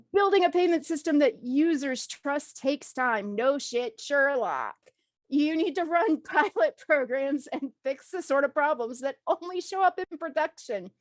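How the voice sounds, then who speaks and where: A woman's voice: sits high, no echo. A woman co-hosting a podcast, reading an article aloud with wry, blunt asides and frequent laughs. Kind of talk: casual chat, reading an article.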